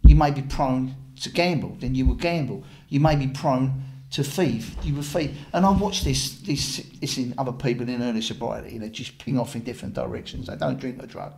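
A man, a podcast guest telling his recovery story bluntly, with lots of restarts and animated retellings. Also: mid-range voice, a little fast, vocal fry, hardly any pauses.

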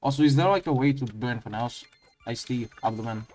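A man at middle pitch playing through a game and commenting. He swears constantly and keeps bursting into squeaky laughter. Faint game music sits behind his voice. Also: fairly quick, a little mellow. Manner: crude, swears a lot, breaks into high laughing outbursts. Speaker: let's play gamer.

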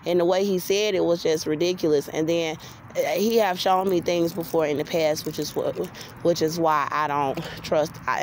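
Blunt woman talking on a noisy trail. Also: on the low side. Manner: blunt, outspoken, talks while walking. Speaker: vlogger giving a personal testimony. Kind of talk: casual spoken testimony. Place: outdoor walking trail near a road. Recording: outdoor phone recording with traffic noise. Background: passing vehicles and outdoor ambience.

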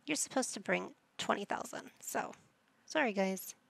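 Narrating each move as she makes it, this female gaming YouTuber keeps up a chatty let's play commentary. She speaks at a normal speed with a medium pitch and vocal fry, and there's no room sound.

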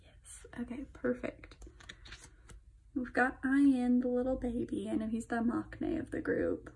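A young woman chatting through an album unboxing, gushing and chatty, sometimes dropping into soft whispers. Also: on the high side, fairly even intonation, measured pace, gravelly, husky. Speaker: K-pop album reviewer. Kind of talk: casual unboxing commentary.

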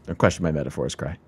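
A man's voice: rumbling low, husky. A man hosting a strategy game let's play, thinking aloud in casual commentary, often laughing at himself.

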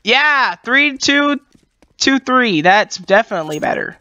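Host, casual match commentary; bright, animated delivery, quick to laugh and tease. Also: mid-range voice, dry recording, lo-fi sound. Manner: excitable, laughs a lot, jokey trash talk. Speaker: channel host.

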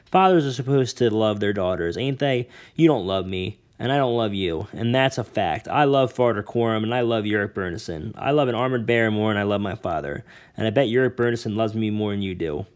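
A man voicing a fierce, defiant young girl who talks in a rough dialect, close to tears. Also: lowish voice, expressive, a little fast, lightly acted. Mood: tearful, furious. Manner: rough dialect speech, ain't and me own.

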